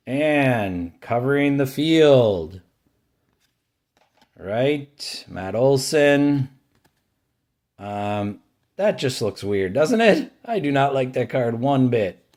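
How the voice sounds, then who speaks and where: A man who runs a card collecting channel opens packs, naming each card as it appears in an offhand, unhurried manner. His middling-pitched voice moves at a slow, drawn-out pace, and he swings between mild grumbling and bursts of delight.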